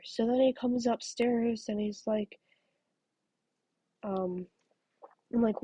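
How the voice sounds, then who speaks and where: A woman's voice: fairly high pitch, steady tone, slow, long pauses, husky, no echo. Chatty woman crafting at home. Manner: chatty, rambling storyteller, drops to soft asides. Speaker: crafting vlogger. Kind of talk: casual chat while crocheting.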